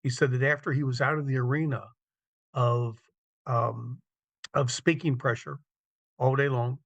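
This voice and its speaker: A man's voice: medium pitch, fairly even intonation, measured pace, gravelly, no room sound, lo-fi sound. A man moderating an online Q&A, relaying questions and comments with small slips and restarts.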